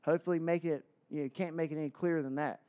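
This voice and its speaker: A man's voice: fairly high pitch, steady tone, fast talker, dark tone. A man with a Southern American accent preaching a sermon to a congregation, talking in a loose, conversational way with joking asides and lots of fillers.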